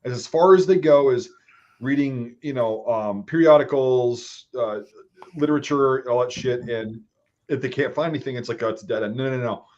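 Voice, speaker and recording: A man in relaxed conversation who backs up the other speaker and adds his own thoughts. His voice comes through a slightly dull, lo-fi recording. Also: mid-range voice, moderate pace. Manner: agreeable, chimes in with short affirmations. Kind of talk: casual chat.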